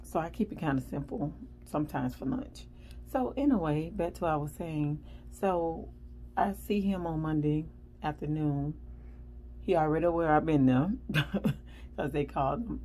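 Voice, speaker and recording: A woman's voice: low-pitched, normal speed, slight background noise, poor audio. A woman vlogger chatting casually and animatedly as she tells a story. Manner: chatty, animated, acts out the people in her story.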